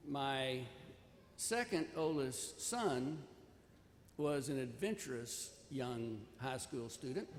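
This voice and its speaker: A man's voice: mid-range voice, a little hiss or hum. Older man giving a speech in an echoing hall. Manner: folksy storytelling, earnest advice. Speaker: commencement speaker. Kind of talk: commencement speech with personal anecdote. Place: large ceremony hall. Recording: echoey hall, long reverb, faint ambience.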